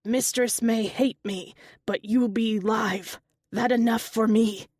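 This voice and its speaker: A woman voicing an old male lizard servant who speaks in broken, halting English, anguished and loyal, in an audiobook. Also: a little high, fairly even intonation, a little mellow, no room sound, studio quality.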